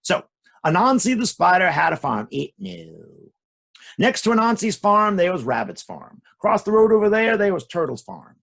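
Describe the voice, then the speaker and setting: A man telling folktales to children in a lively, animated way, adding sound effects. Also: sits high, moderate pace, vocal fry. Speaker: storyteller.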